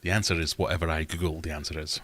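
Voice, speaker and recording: A man's voice: very deep voice, fairly even intonation, racing, a bit bright. A man in his twenties hosting a livestream quiz in a casual, jokey and self-mocking way, reading questions aloud. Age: 20s. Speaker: livestream host and quizmaster.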